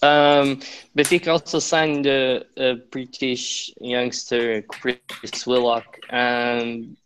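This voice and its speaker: A man's voice: mid-range voice, level tone, slow pace, fairly bright tone, a little hiss or hum, rough recording. A man hosting a casual football podcast, steering the talk between topics with plenty of fillers. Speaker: podcast host. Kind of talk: casual chat.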